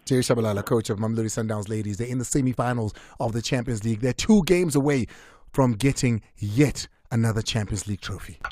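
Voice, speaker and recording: South African sports radio host, dry studio. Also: male voice, medium pitch, fast talker, dry recording. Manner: energetic, mixes English with isiZulu. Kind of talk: live radio sports talk.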